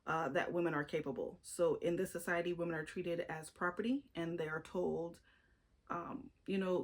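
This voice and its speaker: A woman with a fairly low voice talks through her favorite books in a loose, conversational way. She leans on emphasis and drops opinionated asides as she goes. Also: level tone, moderate pace. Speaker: book reviewer. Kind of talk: casual book review monologue.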